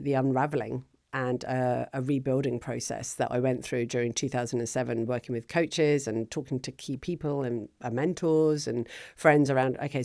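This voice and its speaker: A middle-aged woman, telling her story as a guest in a casual interview in an animated, chatty way. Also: rumbling low, creaky, dry recording, clean studio sound. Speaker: guest, business founder.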